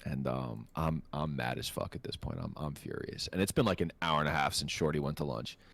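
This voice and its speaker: A man hosting a podcast, telling a story in an animated, profane, laughing way. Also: very deep voice, fairly quick, gravelly, dry recording. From North America. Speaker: podcast host. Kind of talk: casual storytelling chat.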